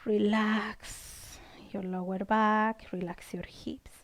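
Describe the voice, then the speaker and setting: Slow gentle woman yoga teacher over 50, keeps asking yeah?, sometimes whispers. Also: mid-range voice, little pitch movement. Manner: gentle cueing with frequent "yeah?" checks, some whispered counts. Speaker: yoga instructor. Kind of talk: guided yoga class instruction.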